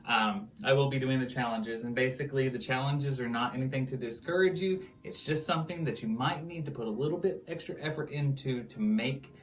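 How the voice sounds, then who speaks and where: A man's voice: mid-range voice, a little fast, few pauses. A man with a Midwestern accent co-hosting a tarot reading, loose and joking, laughing often and swearing casually. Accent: Midwestern American. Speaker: tarot reader, co-host. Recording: distant mic with music underneath.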